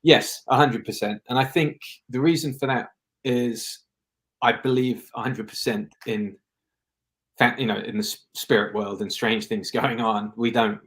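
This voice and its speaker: A man's voice: mid-range voice, fairly even intonation, unhurried, a bit bright. A man speaking as a film director guest in a casual interview, reflective and rambling, often restarting his sentences.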